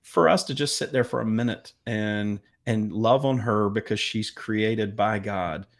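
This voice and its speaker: A man telling a story as a guest in an interview, earnest and halting with fillers. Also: fairly low pitch. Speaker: medical missions guest.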